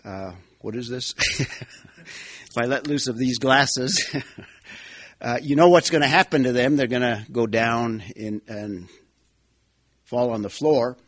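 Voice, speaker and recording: A man's voice: mid-range voice, a little slow, pauses often, fairly bright tone, no room sound. A man giving an expository Bible teaching, explaining a passage in an emphatic, repetitive way. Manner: emphatic, explanatory, repeats key points.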